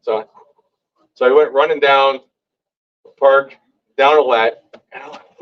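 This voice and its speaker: Man, lively live-audience storyteller, mid pitch, slightly muffled meeting-room sound. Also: measured pace, pauses often. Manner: lively, acts out quoted lines with big pitch jumps. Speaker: speaker at a community meeting. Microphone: hand-held microphone.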